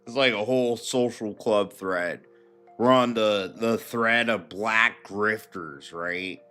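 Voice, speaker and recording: A man's voice: lowish voice, slow pace, pushed and bright, faint music behind. A man ranting casually and profanely while reacting to clips on his stream. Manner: profane, rambling, emphatic. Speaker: streamer commentator. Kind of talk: casual commentary rant.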